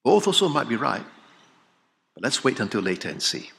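A man preaching a sermon, swinging from loud exclamations to hushed, solemn lines. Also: mid-range voice, big pitch swings, brisk, gravelly. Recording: long hall reverb.

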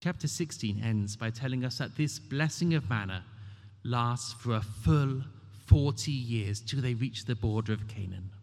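A man's voice: medium pitch, unhurried, darkish tone. A man preaching a sermon, emphatic and rhetorical, asking the congregation questions and dramatically quoting scripture. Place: church. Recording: long reverb of a large hall.

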